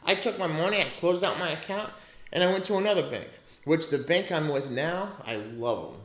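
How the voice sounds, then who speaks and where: A man's voice: on the high side, lively intonation, brisk, fairly bright tone. Blunt, cursing man in an echoey room. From United States. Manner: profane and blunt, rants in bursts. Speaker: podcast host. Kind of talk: casual money-advice podcast.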